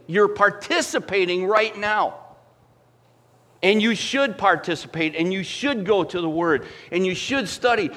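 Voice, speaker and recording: A man delivers a sermon from the pulpit in a fairly high voice. He preaches with animated emphasis, building to loud peaks and then dropping low and quiet to drive a point home. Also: unhurried. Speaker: pastor.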